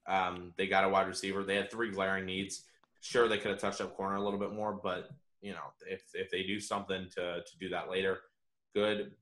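A man chatting casually on a sports podcast, rambling with halting restarts. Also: sits low, level tone, a bit bright, echoey room. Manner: rambling, halting, with many fillers. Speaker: podcast co-host.

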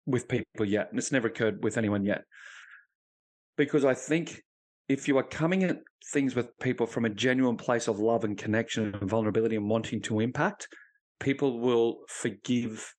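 A man, a former police officer now a podcast guest, telling a personal story bluntly with lots of swearing and acted-out dialogue. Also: fairly low pitch. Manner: blunt and profane, acting out remembered dialogue.

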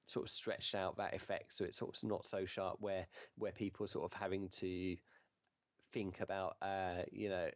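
A man's voice: low-pitched, no room sound. A man being interviewed on a podcast, answering at length in a hesitant way full of fillers and hedging words. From United Kingdom. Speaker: podcast guest, wrestling writer.

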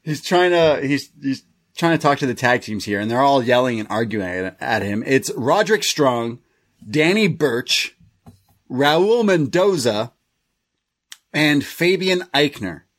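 A man co-hosting a podcast in a relaxed, chatty way, often breaking into laughter as he retells what happened. His voice sits at an ordinary middle pitch. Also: measured pace. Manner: laughs often, recaps the show with quoted voices. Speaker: podcast co-host. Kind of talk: casual chat.

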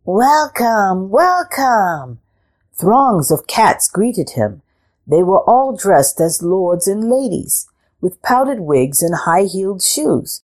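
Storybook narrator, woman, unhurried with a lively melody. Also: on the low side. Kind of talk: picture book read-aloud.

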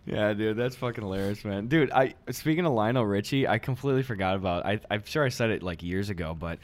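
A man's voice: lowish voice, fast talker. A man co-hosting a podcast in casual chat, swearing freely and acting out quoted people in a raised voice. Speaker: podcast co-host.

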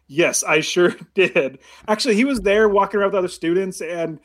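A man's voice: high voice, a little fast, a bit bright. A man co-hosting a casual movie discussion, rambling with many restarts and frequent laughs. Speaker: podcast co-host.

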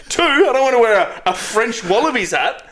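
Rowdy podcast co-host who swears nonstop, voice high and jumping around. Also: male voice, big pitch swings, normal speed, a bit bright. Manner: rowdy, swears constantly, mimics people. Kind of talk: casual chat.

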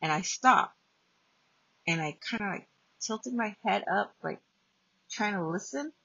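Woman host telling a spooky story, raspy and bright, cusses a lot, flat dry lo-fi sound. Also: mid-range voice, measured pace, no room sound. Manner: blunt, profane, animated storytelling. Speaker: podcast host. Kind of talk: casual storytelling. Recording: dull lo-fi dry recording.

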